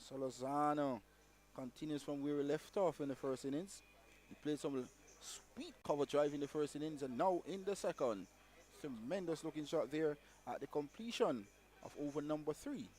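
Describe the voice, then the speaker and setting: A man giving live cricket co-commentary in a calm, steady summarizing manner. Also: a little high, normal speed.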